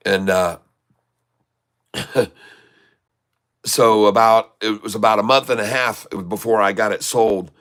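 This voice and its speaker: A man's voice: fairly low pitch, steady tone, slow, pauses often, a bit bright. A middle-aged man casually telling rambling anecdotes, acting out quoted dialogue and laughing as he goes. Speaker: trading channel host. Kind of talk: casual storytelling.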